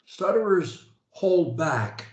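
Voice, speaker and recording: A man's voice: high voice, big pitch swings, takes it slowly, muffled recording. A man coaching a stuttering client over a video call, talking with energy and emphasis and drilling phrases for the client to repeat. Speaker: speech coach. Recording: echoey room on a video call.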